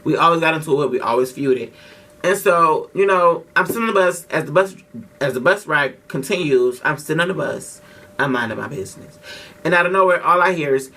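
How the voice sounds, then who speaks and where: A vlogger tells his audience a story in a casual, slangy, profane way, restarting often. His voice is a little high, animated and creaky with a sharp tone, at a moderate pace, and it's recorded from a distance.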